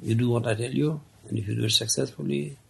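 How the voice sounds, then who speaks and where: A stern, imperious king with a gravelly, husky voice, commanding and threatening, as a storyteller puts him on. He delivers his lines in the loose spoken manner of a told parable. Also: mid-range voice, steady tone, quick pace, exaggerated voice. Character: stern, imperious male king feigning anger.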